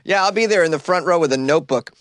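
A man's voice: on the high side, racing, fairly bright tone, dry recording. Dry-voiced joking podcast host, a man. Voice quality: jokey, riffs and laughs at his own lines. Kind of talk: comedic news podcast. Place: small closet.

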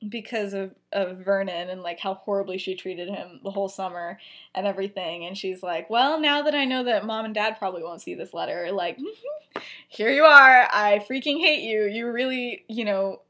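A woman's voice: mid-range voice, normal speed. A young woman co-hosting a podcast, casually retelling a fan story in a rambling way, full of "like" and "you know", acting out the characters' lines as she goes. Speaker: podcast co-host.

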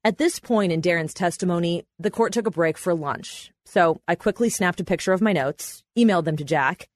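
Woman reporter reading her script, lowish voice, steady and plain, dry close sound. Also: dry recording. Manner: measured, matter-of-fact storytelling. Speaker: reporter and podcast host. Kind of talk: scripted narration.

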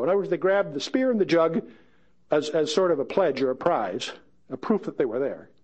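A man leads a verse-by-verse Bible teaching in a relaxed, conversational way, dropping joking asides between readings. His voice sits a little high and swings widely in pitch, and he reads the scripture quotes dramatically. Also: a little fast, husky, highs cut off.

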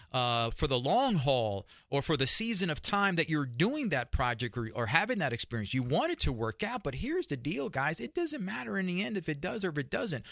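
A man's voice: fairly high pitch, pushed and bright, dry recording, studio quality. A man with a New York accent hosting a talk podcast, speaking energetically and emphatically, repeating phrases for effect. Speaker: talk show host. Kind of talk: solo podcast monologue.

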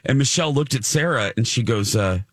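A man's voice: medium pitch, animated, brisk, no room sound, studio quality. A middle-aged man telling a rambling story in a casual chat, often correcting himself.

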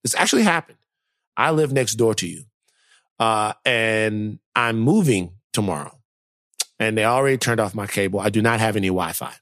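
Animated male podcast host, dry sound. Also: fairly low pitch, moderate pace, no echo. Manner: animated storyteller, acts out quotes. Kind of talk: casual chat.

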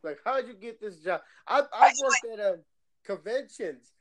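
A man's voice: high voice, lively intonation, over a noisy crowd. A man in casual chat, laughing and swearing as he mocks clueless bosses. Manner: laughing, profane, mocking bosses in quick bursts.

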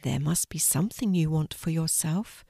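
A woman voicing a tiny, gentle fairy in a storybook, speaking in a soft, hushed, kindly way. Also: low voice, normal speed, creaky, husky, dry recording, clean studio sound, full character voice.

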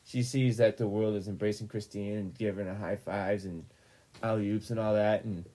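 A woman's voice: a bass voice, steady tone, moderate pace, warm tone. A woman co-hosting a casual chat, talking bluntly, indignant and swearing freely. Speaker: co-host. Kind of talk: casual chat reviewing a reality show.

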